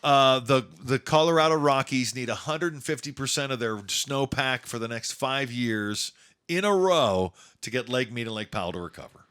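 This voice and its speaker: A man co-hosting a podcast in casual chat, animated and quick to joke and laugh. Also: medium pitch, clear, resonant tone. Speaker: podcast co-host.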